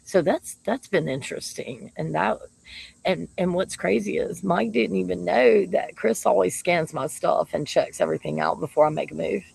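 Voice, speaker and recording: Gravelly husky woman just chatting, lots of ums, laughs a bunch. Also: on the low side, moderate pace, darkish tone, low-quality recording. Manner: chatty, laughs often, many fillers. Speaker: shaman. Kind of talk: casual monologue to camera.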